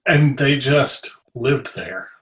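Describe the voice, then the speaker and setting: A man's voice: mid-range voice, takes it slowly. A man co-hosting a podcast, reacting to a story with short, easy comments. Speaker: podcast co-host. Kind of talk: casual chat.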